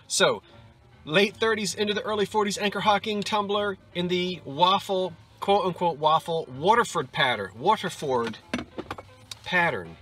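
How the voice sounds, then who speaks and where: A middle-aged man vlogging his thrift hunting, chatty and quick to exclaim over each find. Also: mid-range voice. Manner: excitable, exclaims over finds, chatty asides. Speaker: antiques and vintage reseller. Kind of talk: casual thrifting vlog. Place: in a car and a thrift store.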